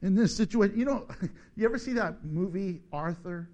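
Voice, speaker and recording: A man's voice: high voice, moderate pace, highs cut off. A middle-aged man preaching a sermon, joking and acting out little voices as he goes. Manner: animated, joking, acts out voices.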